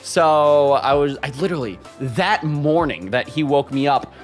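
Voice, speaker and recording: Animated, rambling male streamer. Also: on the high side, a little slow, over music. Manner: animated, rambling, reads chat aloud and laughs often. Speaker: live streamer. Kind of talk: casual chat with live stream viewers.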